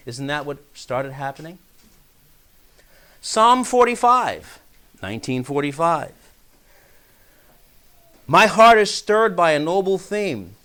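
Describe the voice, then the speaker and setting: Earnest man reading scripture aloud. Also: a bit bright. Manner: reads verses with rising emphasis, then drops to a low aside to explain; earnest, openly gets riled up. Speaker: Bible teacher. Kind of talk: radio Bible study, reading scripture aloud.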